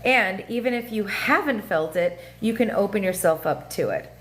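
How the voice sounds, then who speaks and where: A woman hosting a casual livestream chat about astrology, animated and profane, breaking into laughing asides. Her voice sits at an ordinary middle pitch. A faint hiss runs under the home phone recording. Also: moderate pace. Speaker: livestream host. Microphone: phone or webcam mic.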